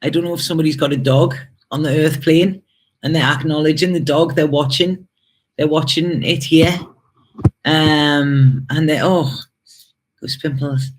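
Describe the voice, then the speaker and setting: Speaking in a fairly high, somewhat mellow voice, this tarot reader offers an intuitive spirit reading straight to camera. His delivery is halting and repetitive, full of fillers, and he often breaks off for emotional comments.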